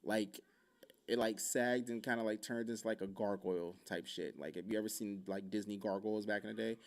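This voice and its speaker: A man's voice: on the low side, fairly even intonation, fairly quick. A man hosting a podcast, telling a story in loose, profane casual talk full of fillers. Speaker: podcast host.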